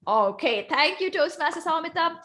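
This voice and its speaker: A woman with a very high-pitched, fairly bright voice and lively intonation speaks at normal speed. She's the guest speaker at an online club meeting, teaching vocal variety over a video call and calling on members by name.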